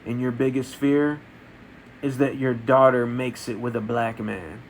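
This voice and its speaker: A man voicing a smug male movie villain who taunts the hero in a lowered, mocking tone. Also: fairly even intonation, unhurried, slight background noise, lightly acted, poor audio. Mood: taunting.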